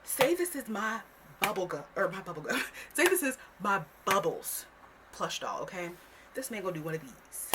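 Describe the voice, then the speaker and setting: A woman telling a childhood story to camera in a casual vlog, animated and swearing freely, sometimes dropping to a whisper. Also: mid-range voice, normal speed, background noise.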